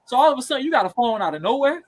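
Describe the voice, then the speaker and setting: A man's voice: very high-pitched, very animated, very fast, a little hiss or hum, low-quality recording. A man in his thirties telling a story in casual, profane chat as a podcast co-host. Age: 30s.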